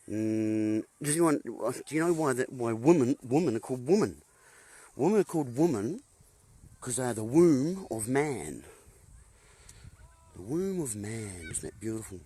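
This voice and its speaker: A man's voice: medium pitch, very animated, a little slow, a little mellow, slightly rough, no room sound. A man giving a rambling monologue to viewers, punning as he goes, chuckling at his own jokes and calling his listeners folks. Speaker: host.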